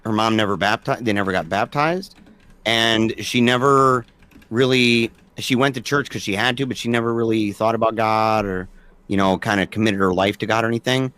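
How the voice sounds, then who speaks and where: A man's voice: on the low side, steady tone, moderate pace, a bit bright. A man in his forties, a podcast guest telling stories casually and acting out quoted dialogue with animation. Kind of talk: casual storytelling conversation.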